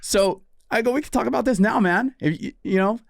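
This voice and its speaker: Casually telling a story on a podcast he co-hosts, a man in his forties plays out the dialogue with lots of energy, peppering it with "dude" and "right?". His voice is high, creaky and fairly quick, captured dry and clean in a podcast studio.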